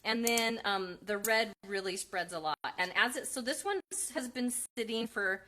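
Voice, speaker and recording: A woman's voice: a little high, normal speed, bright, forceful tone, a little hiss or hum. A woman hosting a casual craft live stream, chatting and reading out viewer comments.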